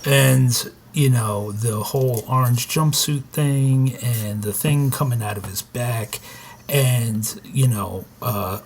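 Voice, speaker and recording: A man co-hosting a podcast, talking casually and haltingly with restarts and "you know.". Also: medium pitch, darkish tone, slight background noise. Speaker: podcast co-host. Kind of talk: casual chat.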